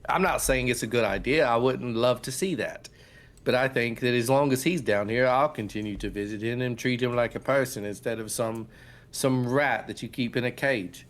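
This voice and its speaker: A man's voice: mid-range voice, normal speed. A man playing his character in a tabletop game, earnest and rambling with a preachy streak. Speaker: player. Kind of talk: in-character tabletop role-play.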